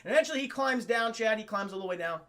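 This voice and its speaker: A man recapping a film live to his chat, animated and profane. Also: sits high, fast. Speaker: streamer and film reviewer.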